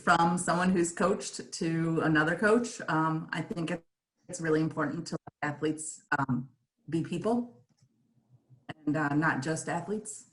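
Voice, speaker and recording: A woman who played and now coaches, answering thoughtfully with many pauses and fillers. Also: sits low. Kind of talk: casual interview.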